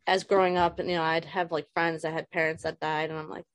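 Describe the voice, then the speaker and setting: A woman in her thirties, appearing as a guest on a video call, talks frankly and emotionally about loss in a candid personal conversation, swearing casually. Her low voice moves little in pitch, she speaks fast, and there's no echo.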